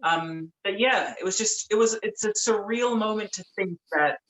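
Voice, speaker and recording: A woman's voice: medium pitch, normal speed. Chatty young woman in an echoey room. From Tonga. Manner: lively, chatty, many fillers like "like" and "um". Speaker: guest. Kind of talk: casual storytelling in a podcast interview.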